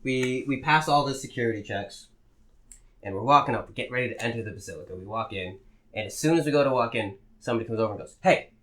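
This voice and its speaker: A man's voice: medium pitch, fast talker. A young American man co-hosting a podcast, telling a travel story in casual chat, swearing freely and acting out what people said. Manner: animated storyteller, heavy swearing, acts out quotes. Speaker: podcast co-host.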